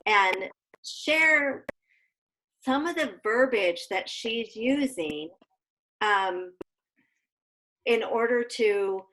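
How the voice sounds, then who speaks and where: Slow-talking woman leading a team call. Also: fairly high pitch, sharp tone, poor audio. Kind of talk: casual chat on a call.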